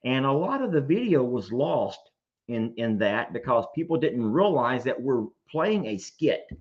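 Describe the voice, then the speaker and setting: A man hosting a casual live show, telling stories in an animated way, often laughing. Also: mid-range voice, measured pace. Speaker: host. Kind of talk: casual livestream chat. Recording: dull lo-fi stream audio.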